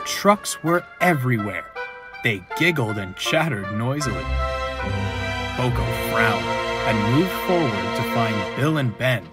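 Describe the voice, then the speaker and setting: A man narrating a storybook in an expressive, animated way. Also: medium pitch, unhurried, over loud music.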